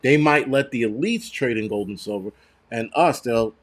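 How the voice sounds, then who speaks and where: A man's voice: mid-range voice, animated, moderate pace. A man hosting a casual livestream, ranting bluntly with lots of swearing and rambling restarts. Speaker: host.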